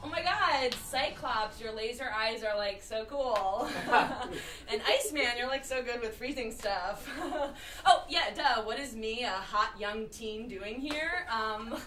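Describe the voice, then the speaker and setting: A woman's voice: a little high, animated, a little slow, a bit bright, faint music behind. A woman playing a giddy, touchy teen girl. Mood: giddy, defensive. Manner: breathy giggly valley-girl talk, defensive. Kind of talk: live character comedy. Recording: roomy stage sound from far off, noisy.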